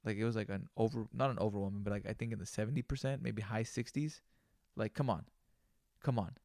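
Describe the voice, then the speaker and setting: A man with a gravelly, fry-laden voice rambles through a casual solo podcast rant, high and full of slang and swearing. The sound is close and dry, with no room around it. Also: steady tone, fast, a little mellow, no room sound. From United States. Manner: profane, loose, slangy ranting. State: high on cannabis.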